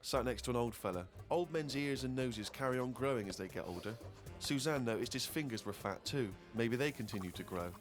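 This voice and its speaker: A man's voice: mid-range voice, brisk, few pauses, faint music behind. Dry man reading a diary aloud. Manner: dry, deadpan reading, bursts into laughter. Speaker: co-host.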